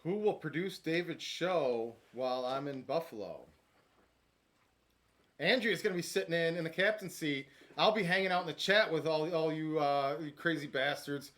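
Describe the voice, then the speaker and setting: A man's voice: a little high, moderate pace, a bit bright. A man co-hosting a podcast in casual chat, tasting treats, trailing off into fillers and restarts. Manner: hesitant, many filler restarts. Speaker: podcast co-host.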